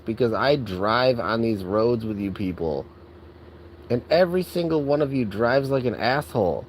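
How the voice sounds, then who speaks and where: A man's voice: mid-range voice, lively intonation, moderate pace, slight background noise, rough recording. A man ranting angrily and profanely in a casual vlog, exasperated and full of filler words. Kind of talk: angry rant.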